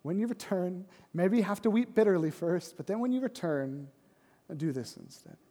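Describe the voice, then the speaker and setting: A man preaching a sermon as pastor, conversational and often asking "right?", dropping to a soft, low voice for emphasis. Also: sing-song, moderate pace, in a large hall.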